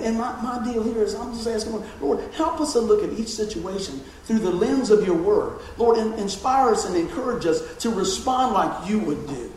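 A man's voice: high voice, darkish tone, a little hiss or hum. A man giving a casual sermon, chatty, laughing often and repeating his words. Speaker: pastor. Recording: echoey room, mic far off.

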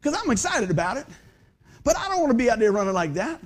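Middle-aged male pastor, high voice that swings all over, animated folksy sermon. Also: fast. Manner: animated folksy preaching with rhetorical questions.

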